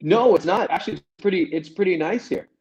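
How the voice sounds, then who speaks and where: A man, a guest comic, telling stories in a casual, animated way and laughing as he goes. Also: high-pitched, fast talker, dull audio. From United States. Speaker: guest comedian. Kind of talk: casual storytelling.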